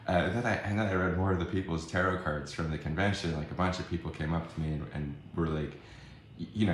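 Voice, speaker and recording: A man's voice: a bass voice, very echoey, slight background noise. A man telling a rambling personal story in a casual vlog, acting out the arguments he quotes. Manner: animated, acts out quoted arguments, swears.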